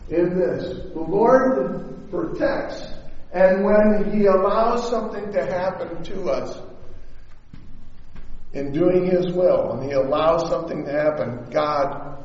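A man's voice: sits high, slow pace. A man preaching a storytelling sermon, chatty and often checking in with his listeners. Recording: echoey hall, dull lo-fi sound.

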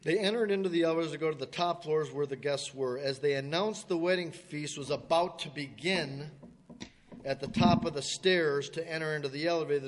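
A man with a slightly high voice tells a story from the pulpit in a folksy, halting way, clearing his throat now and then. He acts out the people as he goes, and his voice carries with a long reverb through a large hall. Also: slight background noise. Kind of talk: sermon illustration storytelling.

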